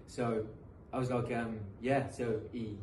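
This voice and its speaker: A man's voice: mid-range voice, flat delivery, measured pace. A British man in his thirties, a professional footballer telling his story as a podcast guest, earnest and motivational with frequent restarts. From England. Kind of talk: casual interview storytelling. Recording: roomy echo, distant mic, faint noise.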